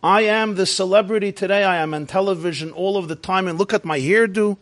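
A man's voice: high-pitched, a little fast, fairly bright tone. A man voicing a vain, boastful famous male politician who keeps insisting on being recognized. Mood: insistent. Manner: boastful, insistent, repeats himself.

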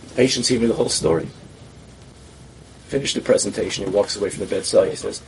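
A man's voice: fairly low pitch, fast, vocal fry, long pauses, darkish tone, distant mic, rough recording. Male storyteller, acts out his quotes, sits back from the mic with faint background noise. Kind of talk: conversational storytelling.

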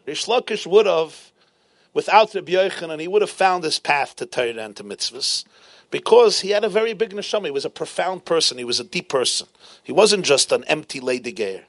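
Animated man teaching a Talmud lesson. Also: on the high side, dry recording. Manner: animated storyteller, emphatic repetition. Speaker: Torah teacher.

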